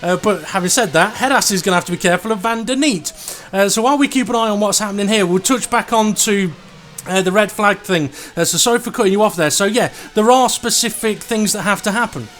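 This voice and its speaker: High-voiced excitable race commentator. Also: male voice. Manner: excitable, quickens during close battles. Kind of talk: live sim racing commentary.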